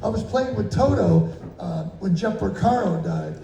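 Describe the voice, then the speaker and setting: A man's voice: high-pitched, animated, normal speed, gravelly, reverberant, over loud music. A man answering an audience's questions in a casual, jokey way, acting out voices and drum sounds as he tells stories, recorded from a distance in an indoor venue. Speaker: guest drummer answering questions. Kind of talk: casual storytelling Q&A.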